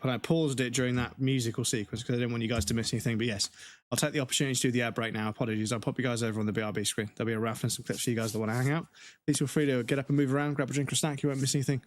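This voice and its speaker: A man in his forties streaming a game live, talking casually to his chat and swearing freely. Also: medium pitch. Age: 40s. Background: game music.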